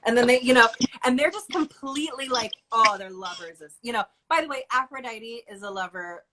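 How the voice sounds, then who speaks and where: A woman hosting a casual online chat, talking in an animated way, swearing and laughing now and then. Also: on the high side, brisk, noisy background. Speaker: host.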